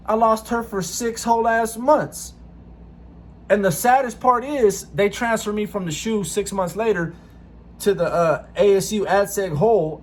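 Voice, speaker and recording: A man's voice: mid-range voice, slight background noise. A man telling a story in a loose, slangy way, with lots of fillers, acting out what people said. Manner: slangy and loose, many "you know what I'm saying" fillers; acts out quoted speech in a raised voice. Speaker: storyteller recounting prison time. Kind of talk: casual storytelling.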